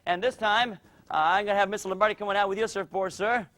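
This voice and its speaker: A man coaches a kids' martial arts class in a studio, energetically calling out drills. His voice is high and he speaks fast.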